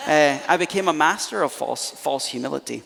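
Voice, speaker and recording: Scottish man, pastor, fairly high voice, animated storytelling sermon, long church reverb. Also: fairly quick, creaky. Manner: animated, self-deprecating storyteller. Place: church auditorium.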